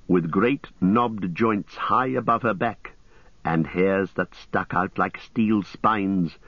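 A man with a very deep voice reads a story aloud in a grave, deliberate manner. He paces the tense passages carefully. The recording is dry, with no room sound, and a dull, lo-fi tone. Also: dry recording. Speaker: audiobook narrator. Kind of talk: scripted dramatic narration.

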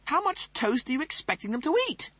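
Shrill fussy prig, indignant and snappy, way up high; male narrator puts him on. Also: sing-song, fairly quick, a bit bright, breathy edge, dry recording, heavily acted. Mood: exasperated. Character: pompous, snappish male officer.

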